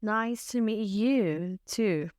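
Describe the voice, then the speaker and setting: A woman reads short everyday phrases aloud for learners, one by one, at an unhurried pace. Her voice is smooth and crisp, and every word is carefully pronounced. The sound is dry and close, with no room echo. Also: medium pitch, a little mellow. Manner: careful, deliberate enunciation with pauses. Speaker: English teacher. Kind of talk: slow phrase-by-phrase reading for learners.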